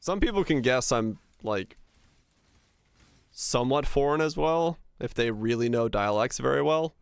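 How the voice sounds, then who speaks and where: A man with a neutral American broadcaster-like accent, livestreaming and chatting casually in a relaxed, rambling way. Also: mid-range voice, a little slow, gravelly, clean tone, dry recording. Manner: relaxed, rambling, many fillers. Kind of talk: casual chat while gaming.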